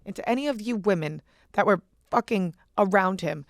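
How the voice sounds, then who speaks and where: A young woman hosting a podcast, telling animated, profane stories in casual chat. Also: mid-range voice, moderate pace, dry recording. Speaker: podcast host.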